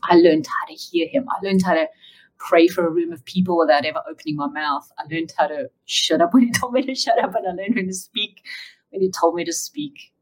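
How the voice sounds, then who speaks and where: A woman telling her personal testimony as an interview guest, in an emotional, animated way. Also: medium pitch, a little fast, husky, poor audio.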